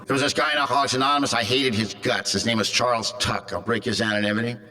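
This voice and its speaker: A man's voice: medium pitch, fairly even intonation, fast talker, sharp tone. A man in his fifties from California, speaking to a convention crowd and telling a raw, darkly funny personal story. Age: 50s. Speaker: recovery meeting speaker.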